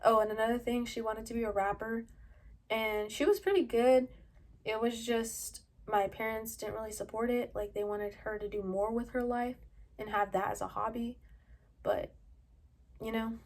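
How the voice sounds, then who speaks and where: A young adult woman vlogging from her home, telling a personal story in a rambling, casual way, full of "like" and "um". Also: mid-range voice. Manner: rambling, heavy use of "like" and "um", with short laughs.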